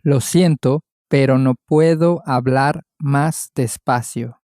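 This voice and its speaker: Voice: medium pitch, slow pace, warm tone, dry recording, clean studio sound. A student in a language lesson, giving plain, prompt answers.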